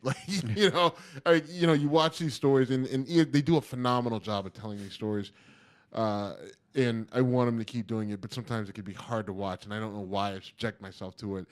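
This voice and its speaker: A man's voice: mid-range voice, fairly even intonation, fairly quick. A middle-aged man co-hosting a podcast, chatting loosely and rambling with lots of fillers. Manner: rambling, loose, lots of ums and you-knows. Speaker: podcast co-host. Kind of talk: casual podcast chat.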